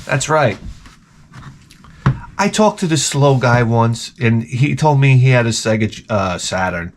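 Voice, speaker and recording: A man's voice: medium pitch, normal speed, a little hiss or hum. A middle-aged man ranting at home in a casual, profane, sarcastic vlog, telling stories with lots of swearing. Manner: profane, sarcastic, animated storytelling. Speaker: vlogger. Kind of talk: casual rant to camera.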